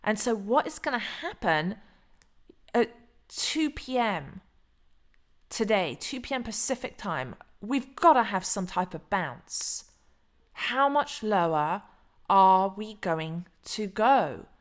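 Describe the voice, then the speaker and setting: A woman hosting a casual crypto commentary stream, chatty, frank and excitable. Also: medium pitch, takes it slowly. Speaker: crypto channel host.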